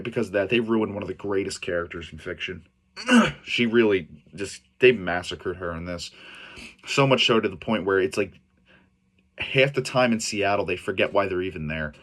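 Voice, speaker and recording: A man's voice: fairly low pitch, fairly bright tone. A young man giving a casual video review, talking bluntly with swearing and frequent stumbles and restarts. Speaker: show reviewer.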